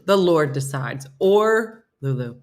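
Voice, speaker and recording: A middle-aged woman from the United States hosts a casual live morning show, reading comments, chatting with viewers by name, and poking fun at herself. Her voice is deep and animated, and she takes her time.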